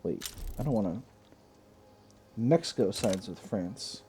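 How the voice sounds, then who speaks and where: A man's voice: on the low side, expressive, takes it slowly, music in the background. A man hosting a strategy game let's play, talking casually and thinking aloud with asides and self-corrections. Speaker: gaming video host.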